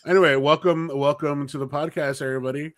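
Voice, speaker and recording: A man's voice: a little high, steady tone, fast talker, dry recording. Young man joking on a podcast. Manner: joking, storytelling, playful. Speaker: podcast co-host. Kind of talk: casual live podcast chat.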